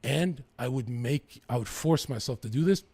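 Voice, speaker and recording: Young man, rough husky voice, rambling profane podcast storyteller. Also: medium pitch, lively intonation, moderate pace, dark tone. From Lower Mainland, British Columbia, Canada. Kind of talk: casual podcast chat.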